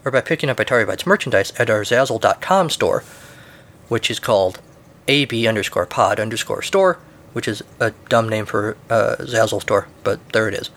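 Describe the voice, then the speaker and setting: A man's voice: lowish voice, normal speed, fairly bright tone. A man hosting a podcast, reading a comic story aloud with dry, offhand humor. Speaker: podcast host.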